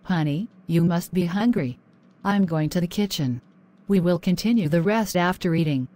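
A woman voicing an affectionate young newlywed wife in a cartoon, speaking gently. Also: on the low side, moderate pace, natural voice. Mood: caring.

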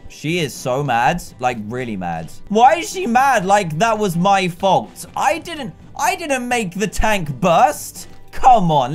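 A man commentating a video game as he plays, excitable and laughing, talking to himself as the game unfolds. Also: on the high side. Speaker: gaming YouTuber. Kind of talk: let's play commentary.

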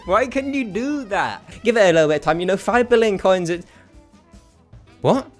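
A young man streaming a game, commenting live in an excitable, jokey way and often breaking into laughter and yelps. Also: high-pitched, normal speed, faint music behind. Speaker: gaming streamer.

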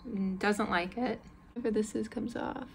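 A woman keeper talking casually in a vlog, chatty and soft-spoken, cooing to her pet spider. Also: mid-range voice, fairly even intonation, moderate pace, vocal fry, a little hiss or hum. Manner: chatty, talks softly and coos to the spider. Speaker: tarantula keeper.

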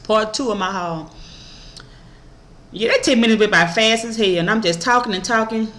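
An adult mother with a mid-range voice talks at a moderate pace to camera, showing off her shopping haul on a rough recording. She's blunt and profane, telling stories animatedly and acting out other people's voices.

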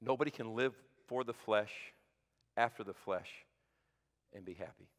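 A man preaching a sermon as pastor, swinging from shouted peaks to hushed low asides. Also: a little slow. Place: church sanctuary. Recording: sanctuary with long reverb.

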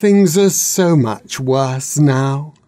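A man's voice: mid-range voice, dark tone, no room sound, clean studio sound. A man voicing an ancient, wise old dragon who drones and grumbles in a storybook reading. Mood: grumbling. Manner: droning, slow.

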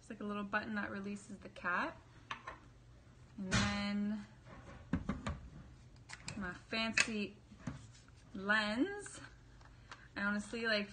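A young woman chats through an unboxing in a bubbly, self-deprecating way, leaning on fillers as she goes. She talks at an unhurried pace. A faint hiss sits under her voice. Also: mid-range voice, bright, forceful tone. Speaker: vlogger. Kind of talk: casual unboxing vlog.

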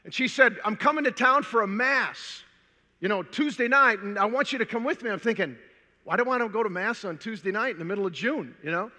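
An older man from Minnesota giving a conference talk, telling a personal story in an animated, humorous way before a large audience. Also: high voice, fairly quick. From Minnesota, USA. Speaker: conference speaker. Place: large hall. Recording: long hall reverb.

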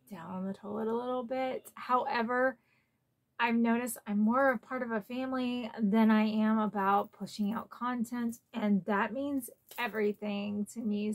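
A woman hosting a casual unboxing vlog at home, chatty and openly emotional, close to tears at times. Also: on the high side. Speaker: collector channel host.

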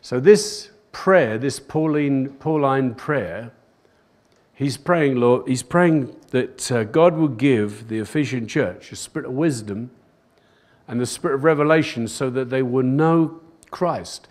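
A man's voice: medium pitch, a little slow, a little mellow. An older man, a pastor, preaching a sermon to a live congregation in a church, repeating phrases for emphasis and calling out "Amen?" to the room. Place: church service, recorded live.

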